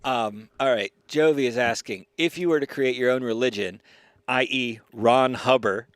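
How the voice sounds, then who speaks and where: A man hosting a podcast in casual comedic chat, excitable, profane and rambling. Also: mid-range voice, normal speed, clear, resonant tone, dry recording. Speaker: podcast host.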